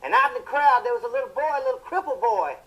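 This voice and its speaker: An actor playing a fiery male television preacher, delivering a sermon in a booming, impassioned style with drawn-out emphatic phrases. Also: expressive, sharp tone, heavily acted, poor audio.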